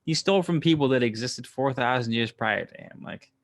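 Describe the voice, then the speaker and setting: A man's voice: medium pitch, fairly quick. A man hosting a casual livestream, answering his chat in a rambling way, laughing often and swearing freely. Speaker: livestream host reading chat. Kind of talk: casual live chat with viewers.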